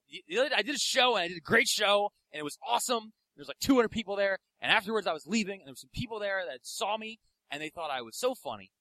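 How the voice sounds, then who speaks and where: A man's voice: high voice, pushed and bright. A young man doing a profane stand-up comedy set, ranting and acting out the people in his stories. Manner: profane, ranting, acts out quoted voices.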